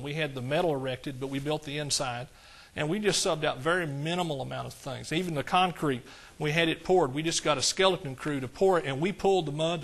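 In church, a middle-aged pastor with an East Texas accent gives a folksy, conversational sermon in plain language. He asks the congregation for amens and rises in pitch and volume on the points he wants to drive home.

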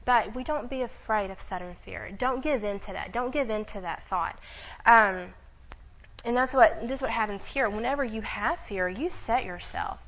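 A woman's voice: fairly high pitch, moderate pace. Woman preaching in a chatty, laughing way, slightly muffled. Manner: chatty, laughs often, frequent asides. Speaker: Bible teacher. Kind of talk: informal sermon.

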